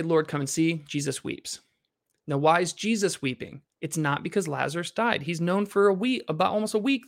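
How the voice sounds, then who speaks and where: A man's voice: on the high side, creaky. A man reading a Bible passage aloud and then teaching on it, asking his class questions as he explains. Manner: reads scripture slowly, then explains in a lively, questioning way.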